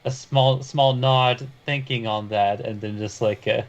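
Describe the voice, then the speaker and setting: A man's voice: mid-range voice, steady tone, unhurried, muffled recording. A man playing a tabletop game, talking hesitantly with many fillers. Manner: hesitant, lots of fillers and restarts. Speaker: player. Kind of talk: casual tabletop play.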